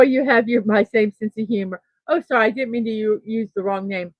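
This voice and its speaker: A middle-aged woman hosting a casual morning livestream, thinking aloud and reading out chat messages with soft laughs. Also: a little high, a little fast, few pauses, no room sound, muffled recording. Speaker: host of a daily morning livestream.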